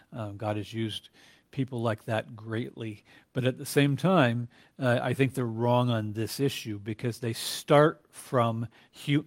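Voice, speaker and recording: A male Bible teacher gives a deliberate classroom lecture at a mid pitch. He reads scripture aloud and pauses to put questions to his students. His voice is close and dry, with almost no room sound. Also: dry recording.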